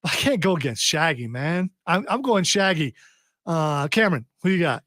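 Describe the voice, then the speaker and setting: A man's voice: on the high side, very animated, normal speed, fairly bright tone, no echo, studio quality. A man hosting a casual radio talk show, rambling and interrupting himself, laughing often. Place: radio studio.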